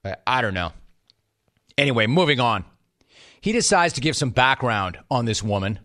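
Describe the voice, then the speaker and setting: A man's voice: mid-range voice, sing-song, moderate pace, pushed and bright. A man delivering scripted sports commentary in a wry, mocking way.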